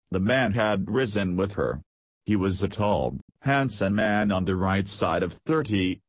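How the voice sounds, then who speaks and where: Low, husky male audiobook narrator. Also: dry recording. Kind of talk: scripted narration.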